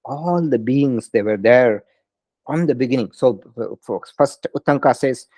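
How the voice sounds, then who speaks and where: A man teaching a scripture study class, telling stories in a casual, easygoing way with quick laughs. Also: medium pitch, darkish tone, dry recording. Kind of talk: lecture with storytelling.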